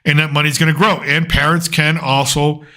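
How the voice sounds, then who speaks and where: Bright-voiced man rambling through commentary. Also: a little high, flat delivery, moderate pace. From United States. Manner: rambling, thinks aloud while reading through lists. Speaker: political commentary host. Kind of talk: casual political commentary.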